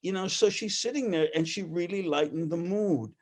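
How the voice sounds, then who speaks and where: A man interviewed as a guest, telling lively anecdotes about his mother and laughing often as he talks. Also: sits high, normal speed. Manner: animated anecdotal storyteller; laughs often while talking. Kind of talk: personal storytelling.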